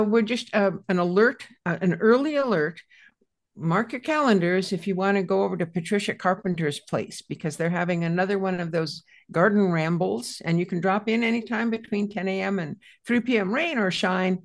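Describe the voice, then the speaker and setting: A woman co-hosting a casual radio garden show, reading out event announcements in a chatty way and correcting herself along the way. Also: medium pitch.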